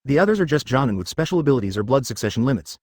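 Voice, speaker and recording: A man's voice: mid-range voice, big pitch swings, very fast, a little mellow, no room sound, studio quality. A man voicing a scheming ninja leader in a synthetic-sounding story reading, blunt and persuasive.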